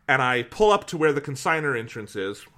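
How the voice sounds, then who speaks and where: Podcast host, man, bright and animated storyteller, casual and profane. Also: medium pitch, brisk. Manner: animated, swears freely.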